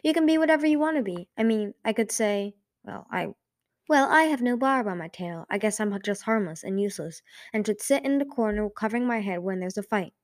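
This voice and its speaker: A woman's voice: medium pitch, expressive, fairly quick, no room sound, studio quality, lightly acted. A woman voicing an anxious, hopeful young female dragon in an audiobook reading, earnest and pleading.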